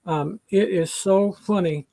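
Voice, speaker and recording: Male livestream host, high and gravelly, chatty and rambling. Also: slow, dark tone. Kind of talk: casual chat, reading viewer comments aloud.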